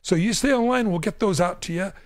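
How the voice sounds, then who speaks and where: High-voiced emphatic preaching man. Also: fast, no room sound, studio quality. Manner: emphatic, preacher-like, repeats words when pressing a point. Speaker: pastor and radio show host. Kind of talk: call-in Bible question show. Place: radio studio.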